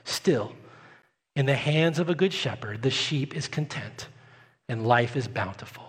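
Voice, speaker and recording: A man preaching a sermon as pastor, earnest, often slowing and softening his voice for emphasis. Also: medium pitch, expressive, husky. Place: church sanctuary. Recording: long hall reverb.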